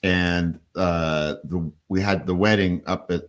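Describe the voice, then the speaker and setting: A man's voice: low voice, fairly even intonation, slow pace. A man guest on a radio show, casually telling rambling stories about recording music and swearing offhandedly. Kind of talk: casual radio studio chat.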